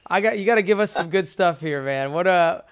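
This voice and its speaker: Smooth, higher-voiced enthusiastic male host. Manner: enthusiastic, halting, restarts often. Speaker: podcast host. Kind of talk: casual podcast interview.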